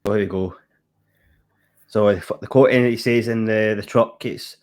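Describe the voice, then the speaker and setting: A man co-hosting a film podcast in loose, casual chat. His voice sits on the low side, and he talks in a rambling, easily amused way, often going off on tangents. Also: fairly even intonation, normal speed, long pauses, a little mellow. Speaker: podcast co-host.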